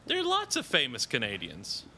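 Bright lively man, podcast host. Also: medium pitch, a little fast, a little hiss or hum. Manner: teasing, laughs often. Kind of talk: casual joking chat.

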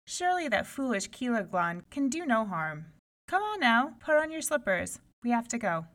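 A haughty eldest princess in a fairy tale, loud and scolding, as a woman storyteller puts her on. She is impatient and dismissive, always hurrying the others along. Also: a little high, very animated, moderate pace, pitched above the performer's own voice. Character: bossy scornful eldest princess.

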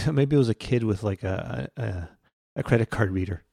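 A man from Canada co-hosting a casual podcast, laid-back and joking, with halting restarts. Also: on the low side, vocal fry, a little mellow, husky, no room sound, clean studio sound. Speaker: podcast co-host.

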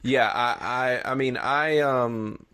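A man in his thirties in casual chat, reviewing a film in a rambling, halting, hedging way. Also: medium pitch, pushed and bright, smooth. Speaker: podcast co-host, film reviewer.

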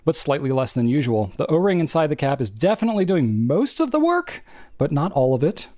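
A young man co-hosting a podcast in casual chat, talking in chatty, rambling runs with quick asides. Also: fairly high pitch, very animated, dark tone, dry recording, studio quality. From family from New England. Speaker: podcast co-host.

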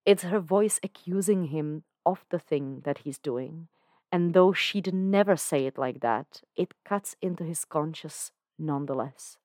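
A woman reading fan fiction aloud on a podcast, in a calm, measured narration. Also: low voice, no room sound, studio quality. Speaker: podcast fanfiction reader.

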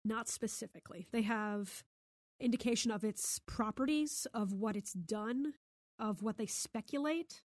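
A woman narrating as the game master of a tabletop game, describing scenes in a brisk, lightly amused way. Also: fairly high pitch, a little mellow, dry recording, studio quality.

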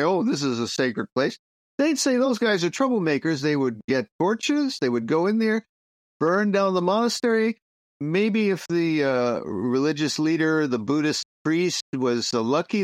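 A man, hosting a casual podcast and teaching Zen in an animated, jokey way. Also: a little high, dry recording, clean studio sound.

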